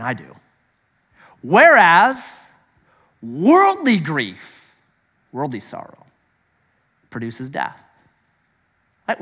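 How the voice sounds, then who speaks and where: Animated high-voiced male pastor preaching. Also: slightly rough. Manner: animated storytelling with acted-out voices. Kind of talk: sermon. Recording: echoey hall.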